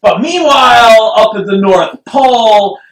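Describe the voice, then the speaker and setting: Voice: medium pitch, measured pace. A podcast co-host riffing through a comedic movie review, sarcastic and laughing often. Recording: echoey room, distant mic.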